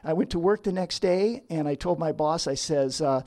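Man, middle-aged, somewhat high-pitched, personal testimony, storytelling, frequent self-corrections. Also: moderate pace, a little mellow. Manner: storytelling, acts out quotes, self-interrupting restarts. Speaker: licensed professional counselor.

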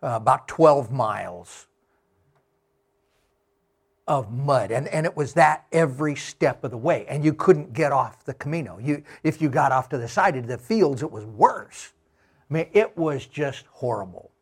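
A middle-aged man giving a talk with slides, telling travel anecdotes slowly with many fillers. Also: medium pitch, animated, creaky, breathy edge. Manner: slow, unhurried anecdotes with fillers. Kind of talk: storytelling talk.

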